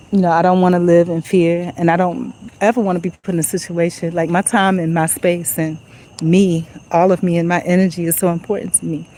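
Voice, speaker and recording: A woman's voice: fairly low pitch, mellow, low-quality recording. Reflective woman talking while walking. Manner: conversational, reflective, peppered with "you know". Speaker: vlogger. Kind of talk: casual walk-and-talk monologue. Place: outdoors on a street at night.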